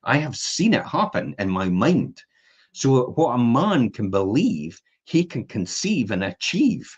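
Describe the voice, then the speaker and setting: A man hosts a casual podcast chat, slipping into voices as he tells stories. His voice is slightly husky and moves a lot in pitch. The audio is dull and lo-fi. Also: unhurried. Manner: animated storyteller acting out voices in anecdotes. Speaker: podcast host.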